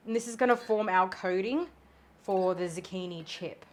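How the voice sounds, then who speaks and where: A woman's voice: medium pitch, moderate pace, faint music behind. A young Australian woman with an Australian accent, hosting a cooking tutorial in a cheeky, sweary, giggly way. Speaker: cooking vlogger.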